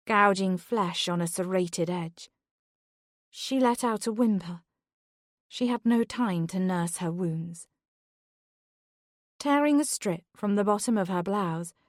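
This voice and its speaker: Woman, audiobook narrator, thriller, slow measured delivery, dry close sound. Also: medium pitch, dry recording.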